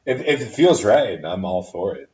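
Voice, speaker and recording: Low, blunt male podcast guest, candid and profane, recorded far off in an echoey room on dull, lo-fi audio. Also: sing-song, moderate pace, a little mellow. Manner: frank, swears freely, candid advice. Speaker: friend giving advice. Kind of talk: casual podcast chat. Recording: roomy, distant, dull lo-fi audio.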